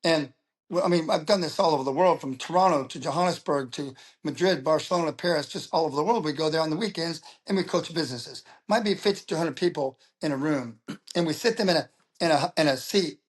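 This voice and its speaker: A middle-aged man, a business coach being interviewed, telling stories in an animated way with many stammered restarts. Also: on the high side, quick pace. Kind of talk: casual interview talk.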